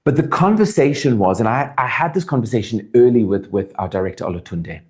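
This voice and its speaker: A South African man speaks in an interview with a lively, rising and falling delivery. He is earnest and reflective, often circling back to restart a sentence before landing his point. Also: lowish voice, brisk. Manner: animated, earnest, thinks aloud with restarts. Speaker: actor guest. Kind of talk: interview conversation.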